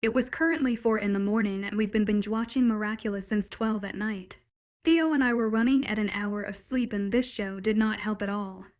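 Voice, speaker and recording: A woman narrating a first-person romance story in a steady, soft-spoken way. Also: mid-range voice, brisk.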